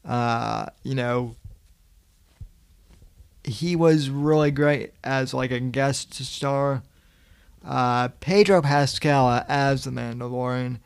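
A man's voice: mid-range voice, steady tone, slow pace, creaky, pauses often, smooth, no room sound. A young man hosting a podcast, rambling casually with many fillers and the odd swear. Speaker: podcast host.

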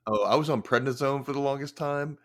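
A man's voice: mid-range voice, brisk. A man hosting a podcast, chatting casually and breaking into laughter often. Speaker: podcast host.

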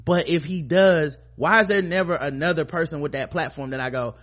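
A man's voice: a little high, brisk, a bit bright. A man hosting a podcast, talking in a rambling, impassioned and profane way. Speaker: podcast host. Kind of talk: casual podcast commentary.

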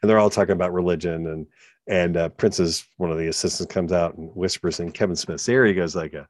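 A man's voice: sits low, fairly even intonation, quick pace, a little mellow, no echo, studio quality. A man casually retelling an anecdote, rambling and swearing as he quotes people. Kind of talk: casual chat.

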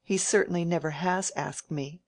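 A woman reading an audiobook and voicing a frank, dry-witted young woman in close to her own low voice. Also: steady tone, moderate pace, a little mellow, dry recording, close to an everyday voice. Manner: dry and blunt.

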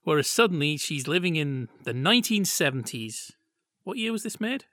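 Brief: male podcast co-host, chatty and jokey, slightly high voice, dry close sound. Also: sing-song, moderate pace, pushed and bright, dry recording. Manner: chatty, jokey, acts out quotes. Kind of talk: casual chat reviewing old TV.

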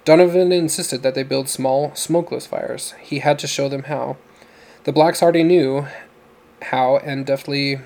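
A man reading a novel aloud as narrator, in a steady, even storytelling manner. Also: medium pitch, vocal fry, rough recording. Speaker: audiobook narrator.

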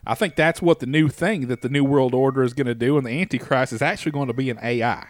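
A man's voice: mid-range voice, fast, no room sound. Rambling man co-hosting a comedy podcast. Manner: rambling, laughs along. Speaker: podcast co-host. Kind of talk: irreverent comedic banter.

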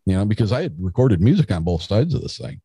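A man's voice: on the low side, sing-song, fast talker, warm tone, breathy edge, dry recording. A middle-aged man, a podcast guest, telling a story in a rambling casual way with restarts.

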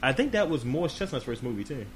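Animated, profane man joking around. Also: medium pitch, fast talker, slight background noise. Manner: profane, animated, acts out quotes. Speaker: podcast host. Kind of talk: casual comedic chat.

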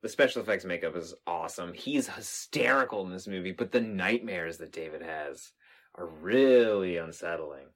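A man's voice: low-pitched, animated, moderate pace, a bit bright. A man co-hosting a casual movie podcast, wry and teasing, swearing now and then. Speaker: podcast co-host.

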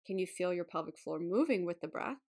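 A woman's voice: fairly low pitch, expressive, brisk, a little mellow. A woman hosting a wellness podcast in a casual, bubbly way, laughing often and swearing now and then. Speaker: podcast host.

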